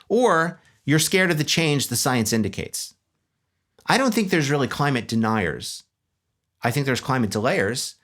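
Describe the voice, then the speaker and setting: A man giving a humorous, animated conference talk on a stage before an audience. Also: medium pitch. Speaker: speaker.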